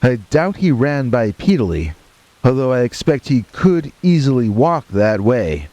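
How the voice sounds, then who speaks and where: A man with a mellow, dark-toned voice at an average pitch tells a first-person horror story. His delivery is deadpan and matter-of-fact, broken by wry asides. Rain and thunder roll behind him. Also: measured pace, dry recording.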